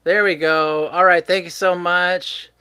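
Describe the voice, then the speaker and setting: A man's voice: sits high, flat delivery, unhurried, noisy background. A man hosting a live stream, chatting casually with his viewers and chuckling often. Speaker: livestream host.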